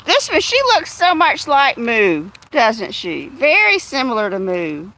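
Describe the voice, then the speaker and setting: A woman with a high voice chats casually on a livestream. She talks outdoors in the evening, holding a phone as she walks, and calls out to cats in an even higher coo. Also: a little slow. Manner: chatty, coos high at cats. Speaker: livestream host.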